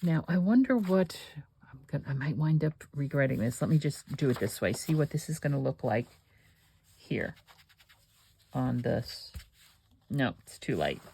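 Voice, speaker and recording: A woman's voice: rumbling low, expressive, moderate pace, creaky, long pauses, dark tone, slight background noise. A woman hosting a crafting video, chatting and thinking aloud with rambling asides while she works. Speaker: crafting channel host.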